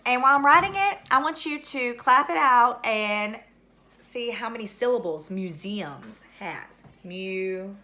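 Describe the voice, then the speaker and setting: A woman's voice: on the high side, expressive, unhurried, sharp tone. A woman teaching a third-grade word study lesson on video, asking questions and answering them herself in a patient, encouraging way.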